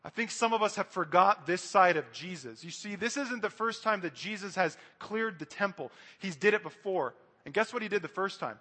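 Male preacher with a high voice, earnest and straight-talking to the church, reverberant hall. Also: lively intonation, moderate pace, few pauses, pushed and bright. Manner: earnest, direct, addresses the congregation. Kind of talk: sermon.

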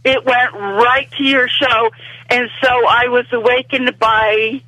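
A woman calling in to a radio show, talking in a rambling, halting way. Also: a little high, steady tone, sharp tone, no echo. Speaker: caller. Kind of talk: phone-in chat. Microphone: phone. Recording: tinny phone line.

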